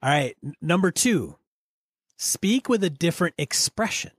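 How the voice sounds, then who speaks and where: A man's voice: on the high side, animated, moderate pace, dry recording, clean studio sound. A man co-hosting a casual podcast, talking his partner through voice exercises. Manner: coaching, prompts his partner by name. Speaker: podcast co-host.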